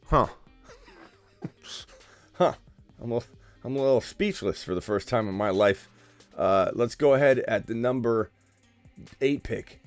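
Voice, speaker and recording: A man hosting a live stream, joking and excitable as he talks through his picks, sometimes dropping to a hushed whisper. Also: mid-range voice, a little slow, long pauses, soft background music. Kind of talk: casual live-stream commentary.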